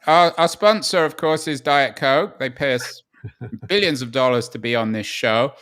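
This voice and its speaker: Higher-voiced man asking wry questions. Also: sharp tone, smooth. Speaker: podcast co-host. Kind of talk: casual discussion.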